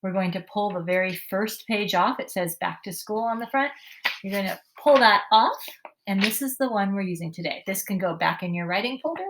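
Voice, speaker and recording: A woman teaching a writing lesson to young children, speaking slowly and clearly and sounding out each word with encouragement. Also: medium pitch, fairly bright tone, a little hiss or hum.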